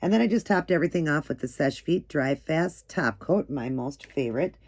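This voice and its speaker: A woman's voice: low-pitched, lively intonation, normal speed, a little mellow. A middle-aged woman hosting a nail art channel, talking in a rambling, casual way and often repeating herself. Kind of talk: casual tutorial chat.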